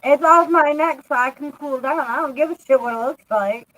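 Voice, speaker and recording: A woman's voice: high voice, moderate pace, fairly bright tone, no echo, poor audio. A woman in her thirties chatting casually on a stream, rambling through stories, swearing and laughing often. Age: 30s. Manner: laughing, crude, rambling storyteller. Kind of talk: casual group chat.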